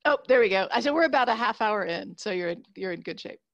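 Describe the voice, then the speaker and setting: A woman's voice: medium pitch, lively intonation, quick pace, muffled recording. A woman speaking hesitantly in a brief check-in on a video call. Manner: hesitant, searching for words.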